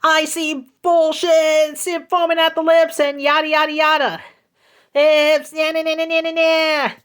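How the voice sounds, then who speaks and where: A woman mimicking her angry ex-boyfriend in a high, sing-song, mocking whine. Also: completely flat delivery, measured pace. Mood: mocking rant. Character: ranting, mocked angry boyfriend, male adult.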